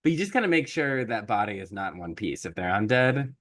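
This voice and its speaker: A man's voice: fairly low pitch, a little fast, dry recording, clean studio sound. A man co-hosting a podcast, retelling a movie plot in casual, rambling chat, acting out characters' lines as he goes. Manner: rambling, animated retelling with acted quotes and frequent likes. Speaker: podcast co-host.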